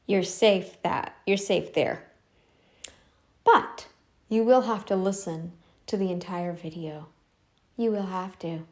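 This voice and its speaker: A woman vlogger talking to camera in a casual, insistent way, repeating herself for emphasis. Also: fairly low pitch. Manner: insistent and repetitive, drawn-out emphatic phrasing.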